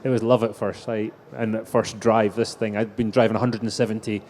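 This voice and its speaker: Telling stories on stage as an interview guest, a middle-aged racing driver speaks fairly quickly in a fairly low, darkish voice with little pitch movement. His anecdotes come with frequent restarts.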